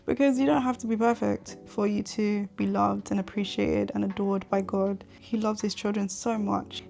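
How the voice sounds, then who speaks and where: A woman's voice: mid-range voice, creaky, a little mellow. A young woman in her twenties hosting a faith podcast, speaking earnestly and candidly and often repeating herself for emphasis. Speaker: podcast host.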